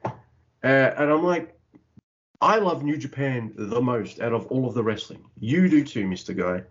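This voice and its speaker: Animated, swearing man on a lo-fi podcast. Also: mid-range voice, normal speed. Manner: animated, swears a lot, acts out wrestlers' lines. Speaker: podcast co-host. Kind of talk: casual wrestling chat.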